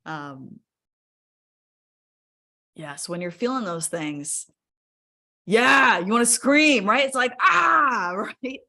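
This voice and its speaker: A woman's voice: a little high, expressive, extremely slow, long pauses, bright, forceful tone. A woman speaking casually in a live webinar, chatty and encouraging, often checking in with her audience with "right?". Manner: encouraging, invites audience to use the chat.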